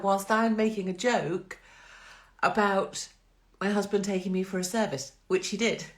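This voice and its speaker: A middle-aged woman hosting a casual live-stream chat, talking in a chatty, blunt, sarcastic way and laughing often. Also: mid-range voice. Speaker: host.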